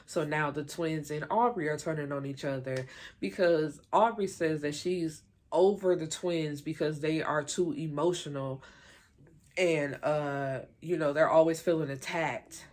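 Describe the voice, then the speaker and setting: Woman, lowish voice, chatty and opinionated TV recap. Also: darkish tone. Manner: chatty, opinionated, many fillers; retells scenes in quick quoted voices. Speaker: TV recap reviewer. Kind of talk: casual recap commentary.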